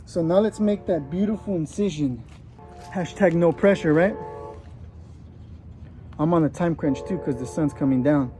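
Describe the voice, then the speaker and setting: A man's voice: fairly high pitch, moderate pace, long pauses, mellow, soft background music. A man in his thirties, joking casually with a put-on Australian accent while giving a hands-on gardening how-to outdoors. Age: 30s. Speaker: gardening vlogger.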